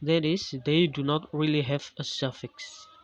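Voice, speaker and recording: Halting man reading a stress lesson. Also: fairly high pitch, steady tone. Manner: halting, with frequent restarts on words. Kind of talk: reading a lecture on English word stress. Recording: dull lo-fi recording.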